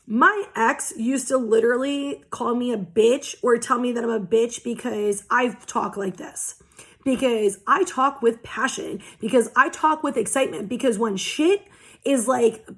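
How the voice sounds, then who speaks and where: A woman's voice: fairly high pitch, measured pace, a bit bright. A young woman giving a casual oracle card reading, talking passionately and bluntly with lots of swearing. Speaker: tarot reader.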